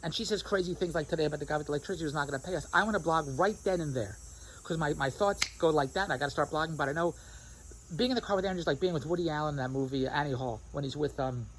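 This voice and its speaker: Brisk animated male vlogger, rapid ranting delivery, faint noise behind. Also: fairly high pitch, poor audio. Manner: animated, repetitive, mimics others' voices. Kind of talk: rambling self-recorded monologue.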